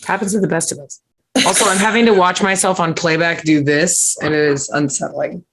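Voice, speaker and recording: A woman's voice: fairly low pitch, fairly even intonation, a little fast, fairly bright tone, slight background noise. A woman co-host bantering and teasing with laughter. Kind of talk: casual comedic banter.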